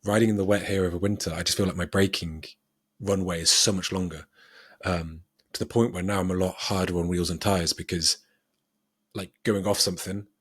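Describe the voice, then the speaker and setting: A man's voice: low voice, fairly even intonation, a little fast, breathy edge, no room sound, studio quality. A man co-hosting a podcast, chatting casually and thinking aloud with plenty of ums, often laughing at himself. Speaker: podcast co-host.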